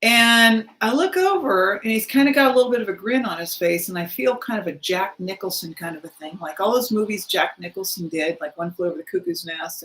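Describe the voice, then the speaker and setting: A woman in her fifties tells a personal story in a loose, chatty monologue. Her voice sits at an ordinary middle pitch, and she slips into the voices of the people she met. The recording carries a noticeable room echo. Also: a bit bright. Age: 50s. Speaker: spiritual vlogger.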